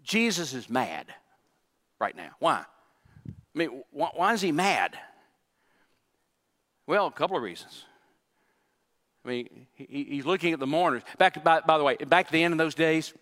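A man's voice: a little high, pushed and bright, big-room sound. A man preaching a sermon as pastor, emphatic, with repetitions and asides to the congregation.

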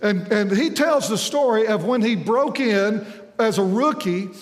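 A preacher with a drawl and a strikingly high voice delivers a folksy sermon. He asks his listeners questions and stumbles over repeated words as he goes. His voice rings through a large hall with a long, echoing reverb. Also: measured pace.

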